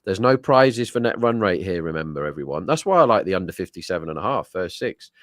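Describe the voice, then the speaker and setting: Man co-hosting a live cricket watch-along, low voice, talks bets nonstop, dry room. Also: big pitch swings, fast, no echo. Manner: chatty, talks through betting lines. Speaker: co-host and betting tipster.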